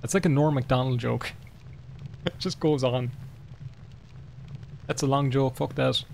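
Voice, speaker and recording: Gravelly, excitable male game streamer. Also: medium pitch, measured pace, a little hiss or hum. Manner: excitable, swearing, laughing, reads in-game books aloud. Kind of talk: live gameplay commentary.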